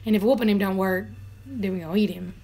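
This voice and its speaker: A woman's voice: mid-range voice, quick pace, mellow. A young woman chatting casually in a home vlog, telling rambling stories and laughing often. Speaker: vlogger.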